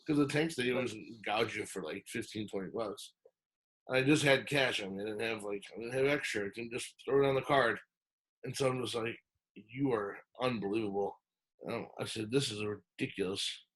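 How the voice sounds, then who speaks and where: A man's voice: fairly low pitch, moderate pace, slightly rough. A man on a podcast telling a long story in a casual, rambling way, acting out the lines he quotes and full of fillers and restarts. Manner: animated retelling, acts out quoted lines.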